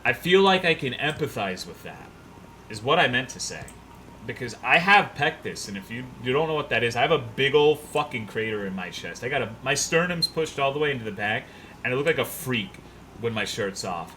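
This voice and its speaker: Bright-voiced profane young streamer guy. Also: medium pitch, animated, brisk, slight background noise. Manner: loose, profane, rambling, reads chat aloud. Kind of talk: casual gaming stream chat.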